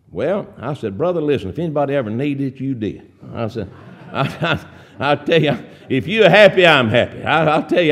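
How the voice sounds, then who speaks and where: A man from Alabama with a Southern accent, preaching a folksy sermon that swings between loud emphasis and quiet storytelling asides. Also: mid-range voice.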